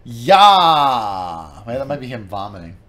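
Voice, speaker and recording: A man co-hosting a gaming livestream in casual chat, teasing his partner and chiming in with quick reactions. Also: mid-range voice, lively intonation, over a noisy crowd.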